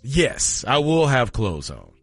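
A man's voice: medium pitch, takes it slowly, dry recording, soft background music. A man, bantering on a radio show, laughing and joking about himself. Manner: laughing, self-deprecating, animated. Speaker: radio co-host. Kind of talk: casual morning show banter.

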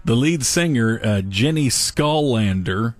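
A man co-hosting a casual chat show tells a story in an animated, laughing way. His voice sits at an everyday mid pitch. The sound is close and dry, with faint music somewhere behind. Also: slow, no room sound. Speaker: podcast co-host. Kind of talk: casual chat, reading a news story aloud.

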